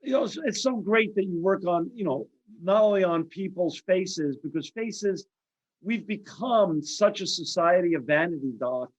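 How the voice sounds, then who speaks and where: A man's voice: high voice, expressive, normal speed. A middle-aged male podcast host speaking earnestly and emphatically, in long, speechlike sentences. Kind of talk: interview. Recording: dull lo-fi audio.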